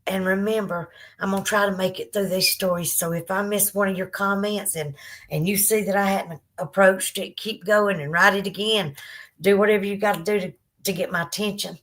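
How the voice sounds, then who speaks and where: A woman's voice: mid-range voice, steady tone, a little fast. A woman in her fifties with a Southern American accent, hosting a live podcast. She tells a painful personal story candidly and fights back tears, rambling with fillers as she answers viewer comments. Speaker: podcast host.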